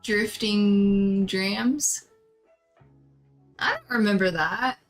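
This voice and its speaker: A woman's voice: medium pitch, extremely slow, faint music behind, poor audio. A woman co-hosting a casual livestream chat, telling rambling stories and wrapping them up with "anyway". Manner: rambling storyteller, trails off with "anyway". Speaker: co-host.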